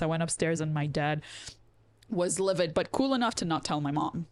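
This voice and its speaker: A woman from Lebanon, a comedian telling a story in casual podcast chat, animated and swearing freely. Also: deep voice, normal speed, dry recording. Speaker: comedian guest.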